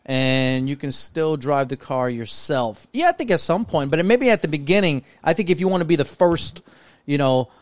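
A man's voice: fairly high pitch, expressive, normal speed, no room sound. A young man from New York co-hosting a podcast, chatting casually and rambling with lots of "like" and "you know". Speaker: podcast co-host.

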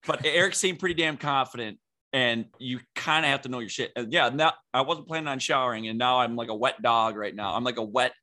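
A man's voice: medium pitch, a little fast, pushed and bright. A young man co-hosting a podcast, ranting animatedly and swearing in casual chat. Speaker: podcast co-host.

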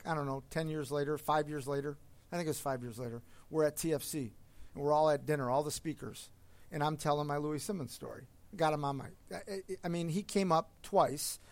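A man, a podcast guest, telling casual stories and anecdotes in a lively way. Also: a little high. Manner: lively anecdotes with quoted dialogue. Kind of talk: casual storytelling.

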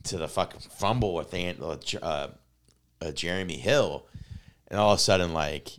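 A man co-hosting a casual podcast, telling a rambling, excitable story full of swearing and filler words. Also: low voice, normal speed. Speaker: podcast co-host. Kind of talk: casual chat.

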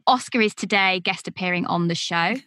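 A woman's voice: on the low side, fairly quick, sharp tone, no room sound. Woman podcast host chatting from home, keen and curious, very dry close sound. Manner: engaged, enthusiastic questioning. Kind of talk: conversational interview. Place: home, remote call.

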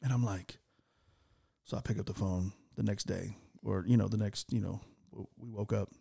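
A man in his thirties telling a story in casual chat as a podcast co-host, animated and jumping up into a higher voice to act out the lines he quotes. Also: moderate pace, gravelly, slightly rough. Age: 30s.

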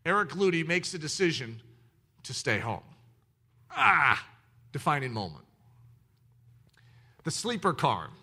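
A middle-aged man preaching, telling personal stories in an animated, self-mocking way with sudden loud peaks. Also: on the high side, measured pace, creaky, long pauses, slightly rough. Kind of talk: storytelling sermon.

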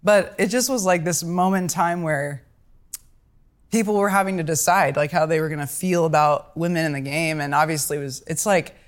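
A woman's voice: low voice, fairly quick. A woman guest on a podcast telling a story casually and animatedly, acting out the people she quotes.

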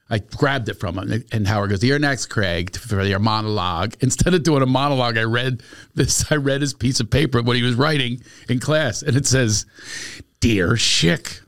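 A man hosting a podcast, telling a comic story in a lively way and breaking into laughter. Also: mid-range voice. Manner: animated, laughing storyteller doing impressions. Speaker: podcast host.

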